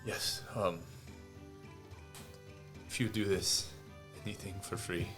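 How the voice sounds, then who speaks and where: A man narrating a tabletop game as dungeon master, talking in halting bursts full of restarts. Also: deep voice, steady tone, fairly bright tone, faint music behind.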